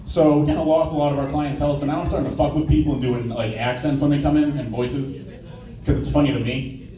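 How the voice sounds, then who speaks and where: A man's voice: on the high side, fairly even intonation, fast, warm tone, far from the mic. A young man doing a casual, profane stand-up set, telling stories and slipping into brief put-on voices. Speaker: stand-up comedian. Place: small open-mic room. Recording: echoey room from off-mic, faint noise.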